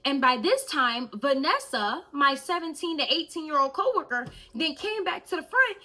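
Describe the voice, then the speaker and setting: A young woman telling a storytime vlog in an animated way, speaking straight to her viewers. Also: high voice, moderate pace, a little hiss or hum. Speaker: vlogger.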